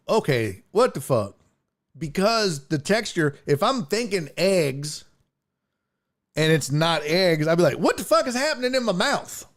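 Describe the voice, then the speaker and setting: A man hosting a casual livestream, reading viewer comments in a loose, profane way and laughing often. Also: medium pitch. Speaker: sports talk show host.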